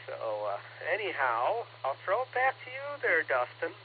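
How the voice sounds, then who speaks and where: Ham radio guy, kinda high voice, rambly and self-deprecating, tinny radio sound. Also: sing-song, normal speed. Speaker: ham radio net check-in. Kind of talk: casual radio chat. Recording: tinny radio transmission with faint noise.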